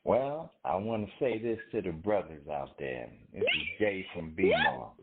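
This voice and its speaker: A man's voice: low voice, wildly swooping pitch, a little slow. A man calling in to a talk show, joking in a folksy way and addressing the audience. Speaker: caller. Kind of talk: joking call-in. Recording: tinny phone line with loud noise.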